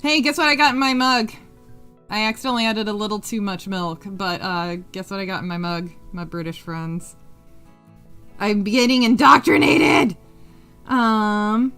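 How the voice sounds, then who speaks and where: A woman chats her way through a live craft stream, rambling from one thing to the next. She hums little tunes under her breath and swears without a second thought. Faint music plays quietly behind her. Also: mid-range voice, normal speed. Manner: rambling and chatty, hums to herself, swears freely. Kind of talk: casual chat while crafting on a live stream.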